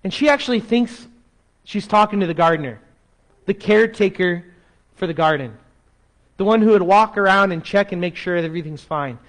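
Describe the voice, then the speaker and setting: A man preaching a sermon as pastor, expressive, dropping to a soft slow voice to make a point. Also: high-pitched.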